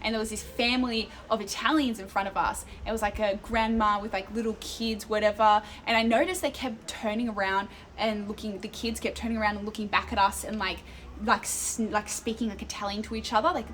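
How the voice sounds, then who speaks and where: A young Australian woman streaming live, telling stories in a casual, animated way and swearing freely. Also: medium pitch, a little hiss or hum.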